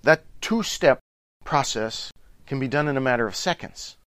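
A man's voice: mid-range voice, animated, moderate pace, a bit bright, dry recording. A middle-aged man giving an earnest, instructive talk on relationships, coaching his listeners. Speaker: relationship speaker.

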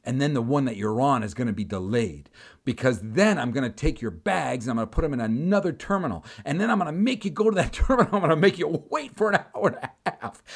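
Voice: medium pitch, pitched above the performer's own voice. A man voicing God as a playful, dry male voice laying out a plan. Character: God as a wry, teasing male voice.

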